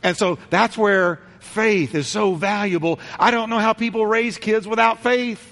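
A man preaching a sermon, telling a story with animated voices and swinging between loud bursts and hushed, quiet lines. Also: high-pitched, measured pace. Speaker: pastor. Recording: long hall reverb.

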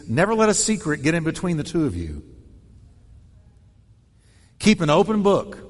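A man preaching a sermon with a fairly high voice that leaps up and down in pitch. He drives his points home in short, punchy bursts and repeats key lines. His voice rings out with a long reverb, as if he were speaking in a large hall. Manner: animated, punchy delivery with repeated short phrases. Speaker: pastor.

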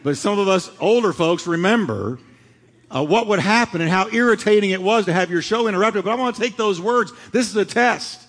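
A middle-aged male pastor preaching a sermon, swinging from loud, dramatic lines to hushed ones. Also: sits high, fairly quick. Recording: long hall reverb.

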